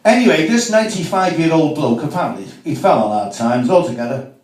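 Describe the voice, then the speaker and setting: Cheeky scouse stand-up guy, bit high voice, recorded far off in an echoey club. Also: lively intonation, a little fast, darkish tone. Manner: cheeky, chatty, with asides to the crowd. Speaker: stand-up comedian. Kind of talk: stand-up comedy set. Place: comedy club. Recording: echoey room, mic from far off.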